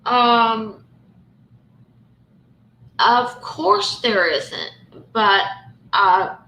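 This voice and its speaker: A woman with a Southern US accent hosting a live stream, talking with callers in a slow, careful, hesitant way. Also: on the high side, sing-song, bright, forceful tone. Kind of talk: casual live chat with callers. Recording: echoey room.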